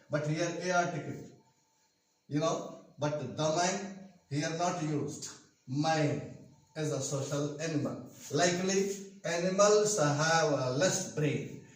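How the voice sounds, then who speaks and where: An older man from India, a retired English teacher, explaining grammar slowly at a whiteboard with an Indian English accent and many hesitant pauses. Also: fairly high pitch. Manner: slow, repetitive explaining with frequent hesitations. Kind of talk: classroom grammar lesson. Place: classroom with whiteboard. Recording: echoey room, far from the mic.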